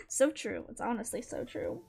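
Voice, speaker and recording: A woman streamer chatting casually while she draws, gushing like an excited fan, laughing often and swearing freely. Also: fairly high pitch, a little slow, creaky, husky. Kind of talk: casual chat while drawing.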